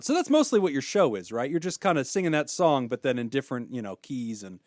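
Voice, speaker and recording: A man's voice: medium pitch, very animated, fast, hardly any pauses, no echo, clean studio sound. An American man co-hosting a podcast, joking and hamming through the guest introduction in casual banter. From United States. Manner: goofy, joking, hammy. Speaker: podcast co-host.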